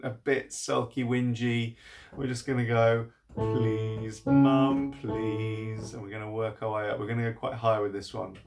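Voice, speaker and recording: A man, teaching an online singing warm-up and coaching encouragingly between sung demonstrations. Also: mid-range voice. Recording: piano playing along.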